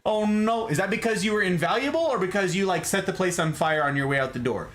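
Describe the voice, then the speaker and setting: Animated, bright-voiced man hosting a stream. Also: sits high, fast talker. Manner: playful, animated, greets viewers by name. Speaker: streamer host. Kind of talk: casual chat reading live chat.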